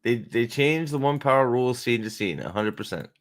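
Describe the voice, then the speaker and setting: A man's voice: mid-range voice, animated, a little fast. A man hosting a casual reaction commentary, rambling, profane and sarcastic, with frequent restarts. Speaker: host.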